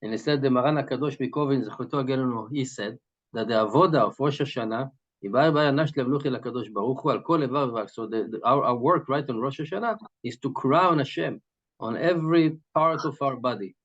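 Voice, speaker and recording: A man's voice: medium pitch, racing, a bit bright. A man teaching from a Hasidic text. He explains Hebrew terms in English and keeps asking "right?" as he goes. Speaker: Torah teacher. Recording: dull lo-fi recording.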